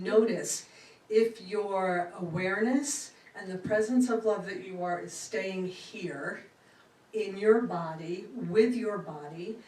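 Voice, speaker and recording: A middle-aged woman giving a spiritual talk to a congregation with a lively, laughing cadence. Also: mid-range voice. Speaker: inspirational speaker. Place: church sanctuary. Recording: roomy hall from far off.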